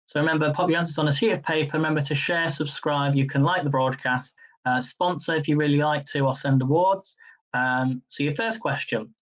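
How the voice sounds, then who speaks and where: A man hosting a live-streamed general knowledge quiz. He chats casually between questions, then reads each question slowly and repeats it. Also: on the high side, a bit bright, distant mic, highs cut off. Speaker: quiz host.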